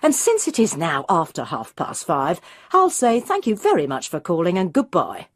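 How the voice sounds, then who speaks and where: A woman's voice: lowish voice, wildly swooping pitch, moderate pace, breathy edge, no room sound, studio quality, full character voice. A woman voicing a cheeky, dismissive young female receptionist. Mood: insolent.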